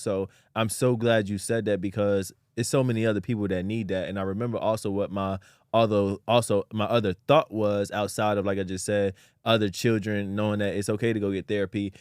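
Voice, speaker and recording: A man's voice: lowish voice, no echo, clean studio sound. A man hosting a podcast interview, affirming his guest often and reflecting at length. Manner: affirming, backchannels often with "facts" and "mm-hmm". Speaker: podcast host. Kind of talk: interview conversation.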